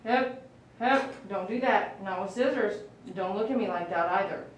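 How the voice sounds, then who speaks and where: A woman with a medium-pitched voice, speaking at a moderate pace, grooms a dog in a salon on a live stream while cooing baby-talk praise. She hosts the channel and does the grooming. A little hiss or hum sits in the echoey recording, with the mic some distance away.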